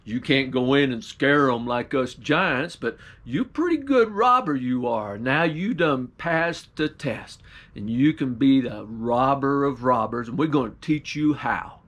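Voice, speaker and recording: A man voicing dim-witted robber giants who talk slowly in rough country slang. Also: mid-range voice, big pitch swings, fairly bright tone. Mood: gleeful.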